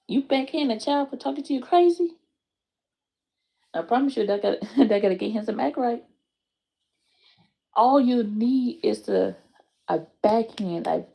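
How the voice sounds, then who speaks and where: Gravelly, warm-voiced woman telling stories. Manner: animated, swears freely, acts out quotes with big pitch jumps. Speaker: aunt telling a story. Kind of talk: casual storytelling vlog.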